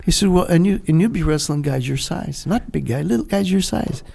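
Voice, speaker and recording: An older man, a retired Navy veteran, telling a lively story in a podcast interview, acting out the dialogue and laughing often. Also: fairly high pitch, a little fast, gravelly, slightly rough. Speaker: guest, retired Navy SEAL.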